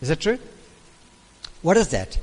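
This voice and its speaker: An older male minister preaches to couples with emphatic, repeated phrases. His voice sits quite high for a man. A long hall reverb trails every word. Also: wildly swooping pitch, unhurried, darkish tone, husky. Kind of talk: sermon-style teaching.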